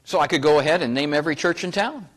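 With a fairly bright, higher-leaning voice and a fast delivery, a pastor gives a folksy, conversational sermon, posing questions to the congregation and kidding around with them.

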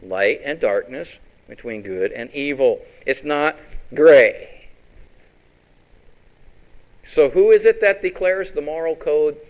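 A middle-aged man preaching a sermon as pastor, lively and throwing rhetorical questions at his congregation. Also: a little high, low-quality recording.

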